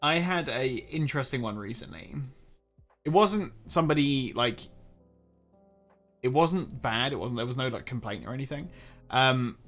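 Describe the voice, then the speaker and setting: A man's voice: mid-range voice, normal speed, pauses often, soft background music. A man in his twenties casually chatting on a livestream while building a model kit, telling stories animatedly. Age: 20s. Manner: animated storytelling, mimics voices in anecdotes.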